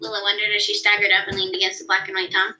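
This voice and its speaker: Bright-voiced woman reading her story aloud. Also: medium pitch, completely flat delivery, very fast, slight background noise, poor audio. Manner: chatty, stops to correct herself. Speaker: podcast co-host and story reader.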